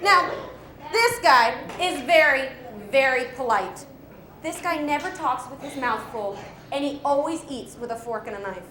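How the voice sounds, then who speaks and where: A woman's voice: high voice, animated, unhurried, pushed and bright, reverberant. A woman wildlife educator giving an upbeat live animal presentation to children, asking them questions and laughing often.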